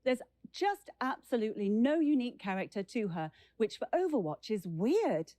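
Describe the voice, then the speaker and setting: A woman's voice: on the high side, sing-song, moderate pace, warm tone, no room sound, studio quality. A woman on a panel, chatting in a giggly, mock-dramatic way. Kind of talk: casual panel chat.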